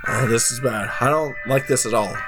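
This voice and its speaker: A man's voice: medium pitch, normal speed, music in the background, voice pushed down, lightly acted. A man voicing a worried, earnest teenage girl in a game reading, talking anxiously and carefully.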